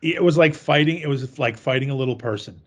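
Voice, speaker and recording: A man's voice: medium pitch, quick pace. A man co-hosting a podcast, retelling a horror movie's scenes in a crude, joking way and laughing as he goes. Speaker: podcast co-host. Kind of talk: casual movie recap.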